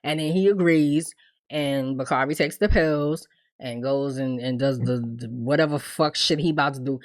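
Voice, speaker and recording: A woman's voice: very deep voice, normal speed. A woman hosting a casual TV episode recap, blunt and profane, acting out the characters' lines as she tells the story. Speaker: TV recap host.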